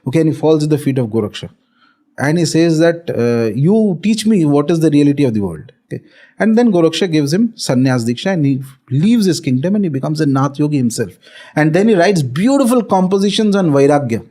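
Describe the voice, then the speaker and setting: A man's voice: fairly high pitch, animated, a little fast, warm tone. A man with an Indian accent, a spiritual teacher explaining and telling a story in a conversation, often checking in with "okay".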